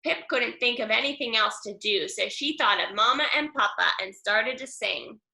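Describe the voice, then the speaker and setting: A woman reading a children's picture book aloud, slow and expressive, with sound effects. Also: a little high, gravelly. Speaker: storybook reader. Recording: echoey room.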